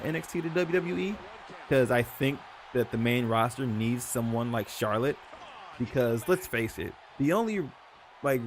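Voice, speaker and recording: A young man with an ordinary mid-range voice chats casually to his viewers. He wanders off topic, stacks up fillers and takes back what he just said. A faint background noise sits under the recording. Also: mid-range voice. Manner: rambling, self-correcting, filler-heavy. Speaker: YouTube host. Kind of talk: casual rambling commentary.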